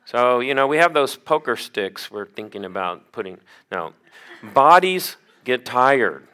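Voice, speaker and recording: A man's voice: mid-range voice, big pitch swings, unhurried, sharp tone, clean tone. A male pastor preaching a sermon to his congregation, asking them questions and joking with them. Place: church sanctuary.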